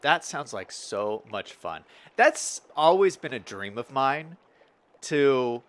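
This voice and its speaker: A man's voice: medium pitch, big pitch swings, slow, a bit bright. A young man casually commenting on his city-building game and reading chat messages during a live stream. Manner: chatty, upbeat, reads out chat messages.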